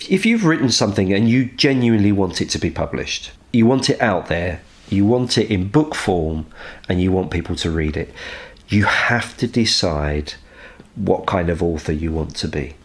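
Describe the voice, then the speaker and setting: A man's voice: deep voice, expressive, normal speed. A man, a publishing consultant, giving firm advice to would-be authors as a podcast guest. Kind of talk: advice talk.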